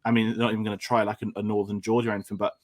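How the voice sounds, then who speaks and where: A man's voice: lowish voice, little pitch movement, racing. A man with an English accent, hosting a casual film discussion and rambling through his points with many restarts. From England. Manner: rambling, with frequent restarts and fillers.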